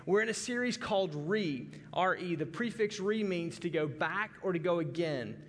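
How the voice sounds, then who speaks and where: A man's voice: high-pitched, animated, moderate pace, fairly bright tone. A man from Arkansas preaching a folksy, conversational sermon with many restarts. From Arkansas, USA. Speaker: pastor. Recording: long hall reverb.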